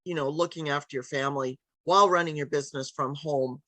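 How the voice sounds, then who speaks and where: A woman's voice: low voice, fast talker, fairly bright tone, no room sound. A woman author being interviewed over a video call, talking in a meandering, hesitant way with many ums and restarts. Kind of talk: casual conversational interview.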